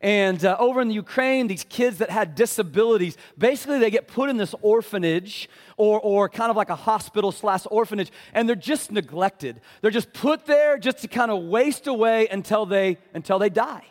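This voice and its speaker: A man preaching a sermon as a pastor, telling a story with a casual, passionate delivery that drops to a hush for tender moments. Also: high-pitched, lively intonation, normal speed, hardly any pauses, long reverb tail. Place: church sanctuary.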